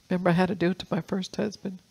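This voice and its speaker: Gravelly-voiced older woman preaching. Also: on the low side, level tone, a little mellow, poor audio. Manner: reads scripture slowly, then tells stories with laughs. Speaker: pastor. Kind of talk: sermon.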